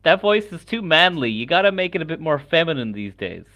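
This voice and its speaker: A man's voice: on the high side, big pitch swings, brisk, sharp tone. A man co-hosting a gaming podcast in casual chat, enthusiastic and blunt, with casual swearing. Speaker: podcast co-host.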